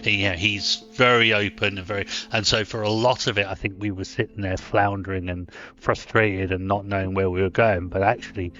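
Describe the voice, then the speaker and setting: A chatty Irish man co-hosting a podcast, talking in a casual, self-deprecating way. His voice sits fairly low but sounds very bright and sharp. Faint music plays underneath. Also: steady tone, brisk, few pauses, lo-fi sound. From Ireland. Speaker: podcast co-host. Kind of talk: casual chat.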